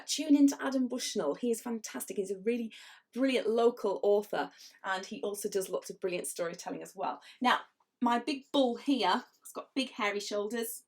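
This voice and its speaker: A middle-aged woman, chatting playfully as she leads a drawing lesson for children. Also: on the high side. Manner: chatty, playful, laughs often. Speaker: illustrator teaching drawing.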